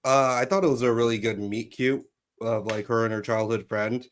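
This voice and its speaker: A man's voice: mid-range voice, normal speed, a little hiss or hum. A man co-hosting a casual podcast chat, talking animatedly and acting out lines he quotes. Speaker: podcast co-host.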